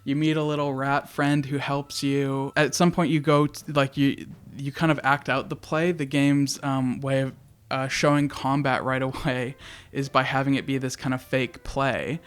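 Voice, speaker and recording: A man hosting a casual game review video, excitable and chatty, swearing casually as he talks. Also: medium pitch, normal speed, smooth. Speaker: video essay host.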